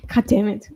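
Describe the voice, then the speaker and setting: A man chatting casually on a livestream, rambling and hesitant with lots of fillers, restarts and casual swearing, often trailing off quietly. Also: no room sound.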